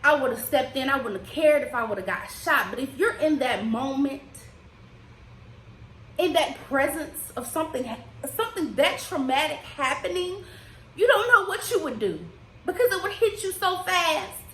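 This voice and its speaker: A high-voiced woman from the United States talks straight to camera in an impassioned personal vlog. Her casual speech swells and drops with emotion. The echoey room adds a roomy ring to her voice. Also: expressive, moderate pace, fairly bright tone, a little hiss or hum. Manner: emotional, rising and falling with feeling, Southern-tinged casual speech. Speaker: vlogger. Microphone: desk microphone.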